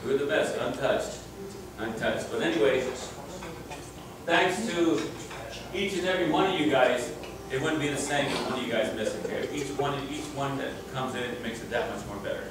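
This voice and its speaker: At a reunion gathering in a room, a middle-aged man with a medium-pitched voice and moderate pace casually addresses the crowd. His stories wander, full of chuckles and many restarts, captured in a very echoey, noisy, distant recording.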